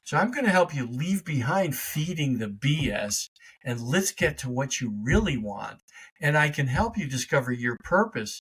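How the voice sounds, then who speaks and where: Husky, lively-voiced male life coach. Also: a little high. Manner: energetic, emphatic, conversational, talks to his dog mid-show. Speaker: life coach and podcast host. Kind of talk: motivational direct-to-camera talk.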